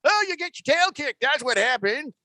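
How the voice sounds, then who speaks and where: A man's voice: very high-pitched, animated, normal speed, bright, forceful tone, no room sound, clean studio sound, voice pushed up, full character voice. A man putting on the voice of a whining aging quarterback, mocking him on a sports radio show. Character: whiny aging star quarterback impression.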